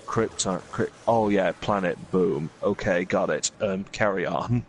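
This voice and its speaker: Male gaming host, somewhat low voice, loose rambling anecdote delivery. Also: measured pace, hardly any pauses, a little hiss or hum. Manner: rambling, full of fillers and "he's like" asides. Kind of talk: casual storytelling while playing a game.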